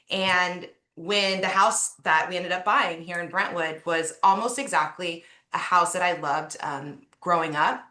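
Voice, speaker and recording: A woman's voice: fairly low pitch, unhurried, few pauses, sharp tone, roomy sound. A woman real estate agent on a video call, telling a personal story in a heartfelt, chatty way with many fillers.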